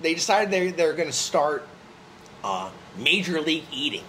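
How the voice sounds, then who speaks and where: Lively comic man swinging his voice all over while telling stories, faint noise behind. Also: a little high, moderate pace, poor audio. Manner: animated storyteller, swears, acts out his own rants. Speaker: comedian guest. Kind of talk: casual podcast chat.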